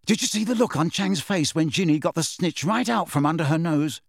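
A man reading aloud, voicing an excitable, easily rattled teenage schoolboy with an animated way of talking. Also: fairly high pitch, brisk, vocal fry, no echo, studio quality, voice pushed up.

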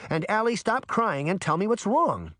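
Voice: mid-range voice, big pitch swings, moderate pace, fairly bright tone, dry recording, studio quality, pitched above the performer's own voice. A reader voicing a fierce, protective mother who speaks firmly and commandingly, read as an audiobook. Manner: firm and commanding. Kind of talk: audiobook reading.

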